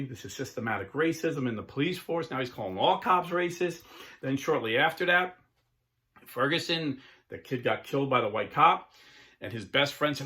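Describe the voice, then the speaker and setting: A man's voice: mid-range voice, animated, brisk, sharp tone. A middle-aged man hosting his own channel, talking casually through a political monologue with many restarts and fillers. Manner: rambling storytelling with frequent restarts and fillers. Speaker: channel host.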